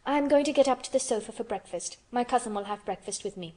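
A woman's voice: on the high side, fast talker, dark tone, close to an everyday voice. A woman reading an imperious invalid boy who gives commands in a lordly manner, in a storybook reading.

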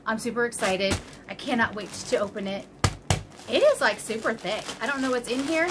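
A woman's voice: on the high side, moderate pace, noisy background. Bubbly, rambling woman in her fifties. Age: 50s. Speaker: crochet channel host. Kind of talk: casual vlog chat, unboxing.

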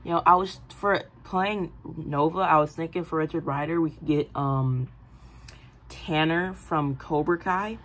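A woman casually pitching a film idea, rambling with many fillers and giggly asides. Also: measured pace, fairly bright tone, low-quality recording. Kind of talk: casual movie-pitch chat.

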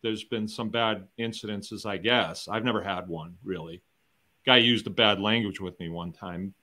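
A man's voice: fairly low pitch, fairly even intonation, normal speed, sharp tone. A middle-aged man from the United States, a farmer and educator, speaking in a round-table conversation in an emphatic, conversational way, with rhetorical questions and frequent restarts. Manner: repeats words and restarts often.

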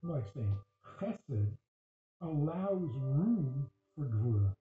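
A man with a fairly high, very animated voice teaches a Torah class, firing questions at his listeners. He is heard through a tinny, phone-like recording full of room echo, with faint music behind. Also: extremely slow. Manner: questioning, acts out dialogue, laughs often. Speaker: religious teacher.

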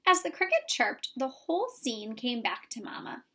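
A woman reading a children's chapter book aloud in a calm, even storytelling manner. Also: fairly high pitch, moderate pace, slightly rough. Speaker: reader. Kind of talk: storybook read-aloud narration.

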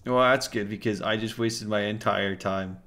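A young man streaming a video game with a friend, joking and bursting into loud yelps. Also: lowish voice, moderate pace. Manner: excitable, jokey, swings to loud yelps. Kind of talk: casual gaming chat. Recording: faint game music behind.

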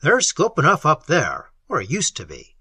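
A tactful young tutor, voiced by an audiobook reader, probes with measured, inquiring questions. The voice is hoarse and husky with a bright edge. It is recorded close and dry. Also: mid-range voice, huge pitch swings, no echo, full character voice.

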